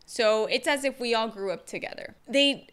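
A young woman telling her personal story to camera in a casual, energetic way, expressive and quick, with playful asides. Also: a little high, clean tone. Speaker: vlogger sharing her story.

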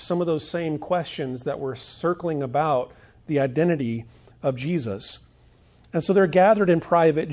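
A pastor preaching a sermon earnestly, asking the congregation rhetorical questions and building up to emphatic declarations. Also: male voice, fairly high pitch, warm tone.

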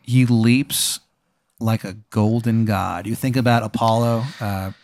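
A man's voice: on the low side, fairly even intonation, unhurried, darkish tone, no room sound, studio quality. Rambling, profane male storyteller. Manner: rambling, profane, lots of fillers and silly voices. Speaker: podcast host posing a hypothetical. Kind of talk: improvised comedic storytelling.

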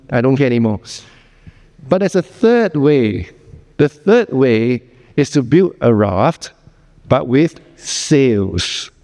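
A man's voice: medium pitch, mellow. A man preaching a sermon in an earnest, explanatory way, often posing rhetorical questions. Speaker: pastor. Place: church sanctuary. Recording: church hall reverb.

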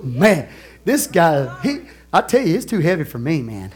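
A man preaching a sermon as pastor, animated, swinging between soft asides and loud exclamations, stretching key phrases slowly. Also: on the high side, slightly rough. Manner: laughs and asks the congregation questions.

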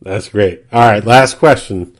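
Low-voiced easygoing podcast host, a man. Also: measured pace. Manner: brief, easygoing interviewer. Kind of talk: casual podcast interview.

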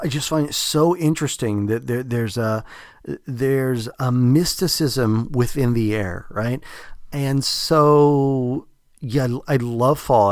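A podcast host from the American South, speaking with a Southern drawl, rambles loosely and reflectively through a casual spiritual episode, full of fillers and false starts. His medium-pitched voice sits in a middle register, recorded close and dry with no room sound.

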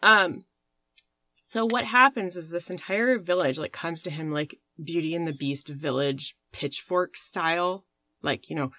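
A woman's voice: lowish voice, unhurried, bright, forceful tone, no room sound. A woman hosting a podcast, telling a story in a rambling, casual way with fillers and swearing. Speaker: podcast host.

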